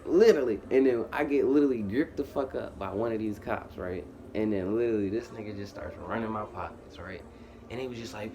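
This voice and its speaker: A young man tells a wild true story in loose, slangy casual talk, leaning on the same fillers over and over. When he quotes himself, his voice climbs much higher and gets louder and slower. A faint hiss of noise sits behind him. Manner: animated, slangy, heavy repeated fillers.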